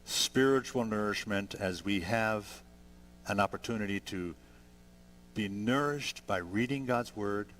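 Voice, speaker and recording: Older pastor preaching in an easy, conversational way. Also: male voice, on the low side, unhurried, fairly bright tone, slight background noise. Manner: conversational preaching that builds to emphatic peaks. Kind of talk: sermon.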